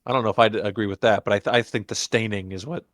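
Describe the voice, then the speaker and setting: A young man co-hosting a podcast, reviewing episodes in playful, animated casual chat. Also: fairly low pitch, quick pace, no room sound, clean studio sound. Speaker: podcast co-host.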